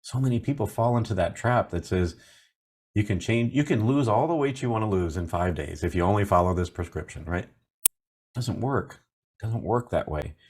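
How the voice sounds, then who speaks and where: A man's voice: fairly low pitch, animated, brisk, darkish tone. A man in his fifties, a mindfulness coach, giving an earnest reflective talk full of rhetorical questions and repeated key phrases. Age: 50s.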